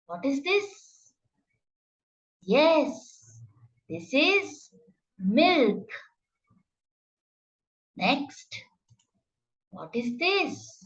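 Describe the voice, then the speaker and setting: Slow, lively-voiced woman teaching phonics. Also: sits high, highs cut off. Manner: enunciates each sound carefully, encouraging.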